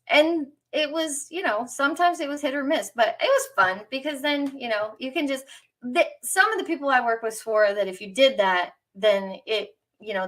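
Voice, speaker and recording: Bright, upbeat woman presenter. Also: on the high side. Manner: chatty, upbeat, with fillers and laughs. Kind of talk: conference session talk.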